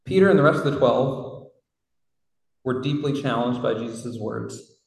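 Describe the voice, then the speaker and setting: A man's voice: mid-range voice, unhurried, gravelly, far from the mic. Preacher man in a roomy hall. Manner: reflective, conversational, with casual asides. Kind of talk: sermon.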